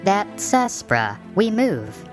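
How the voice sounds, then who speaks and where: A man's voice: high-pitched, very animated, takes it slowly, music in the background, voice pushed up, heavily acted. A man voicing a slangy teen translation app in a comedy ad parody, speaking in clipped teen slang. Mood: flat slangy.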